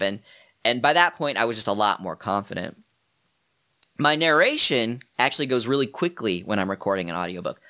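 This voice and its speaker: Bright-voiced man giving casual narration tips. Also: mid-range voice. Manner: earnest and modest, thinking aloud. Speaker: amateur audiobook narrator. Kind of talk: casual how-to talk.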